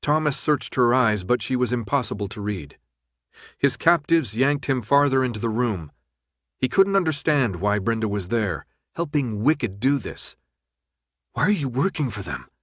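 A man narrating an audiobook in a steady, measured read. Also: medium pitch, no room sound, studio quality. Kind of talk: scripted narration.

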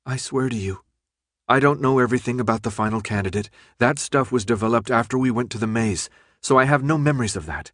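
A man's voice: medium pitch, no room sound, studio quality, natural voice. A man reading an audiobook, voicing a young woman who pleads her case insistently.

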